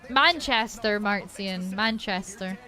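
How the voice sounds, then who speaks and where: This woman from Poland chats casually on a gaming stream in a Polish accent, swearing occasionally and often restarting her sentences. Her mid-range voice moves slowly and has a bright, forceful tone.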